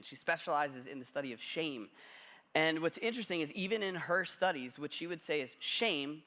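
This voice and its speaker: A man preaching from the front of a church, with a bright, forceful tone that sits a bit high for a man. He speaks in a relaxed, conversational way and pokes gentle fun at himself. He sounds like he is in his thirties. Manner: conversational storytelling with self-deprecating humor. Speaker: pastor. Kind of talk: sermon. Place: church sanctuary.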